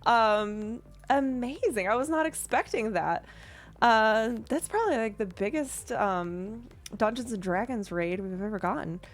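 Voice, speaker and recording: A woman streaming as dungeon master, narrating combat and chatting with viewers in a quick, casual way. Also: on the high side, animated. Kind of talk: narrating a tabletop game on stream.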